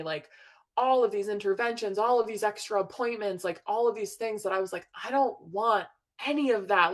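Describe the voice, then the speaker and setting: Woman guest, mid-pitch, chatty storyteller, lots of "like," acts out quotes. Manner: chatty, heavy use of "like"; acts out quoted speech vividly. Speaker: podcast guest. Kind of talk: personal storytelling.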